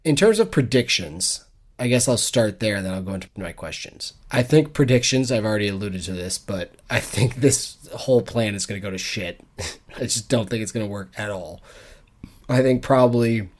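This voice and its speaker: A man's voice: fairly low pitch, expressive, normal speed. A man co-hosting a book club podcast, chatting casually, joking and laughing often. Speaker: podcast co-host.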